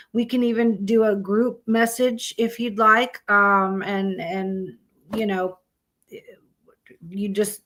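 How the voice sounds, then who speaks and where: A woman's voice: mid-range voice, fairly bright tone. A woman hosting a live stream, chatting casually with her viewers, greeting them by name and swearing freely.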